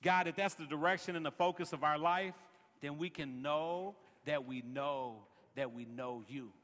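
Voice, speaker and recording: A man's voice: a little high, fairly even intonation, moderate pace, a bit bright, in a large hall. A man preaching a sermon as pastor, peppering his lines with "man" and building rhythmic refrains. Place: large worship center.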